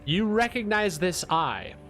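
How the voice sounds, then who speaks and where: Slow-talking man narrating as dungeon master. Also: high-pitched, expressive, a bit bright, soft background music. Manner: unhurried, halting narration with fillers. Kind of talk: narrating a tabletop game.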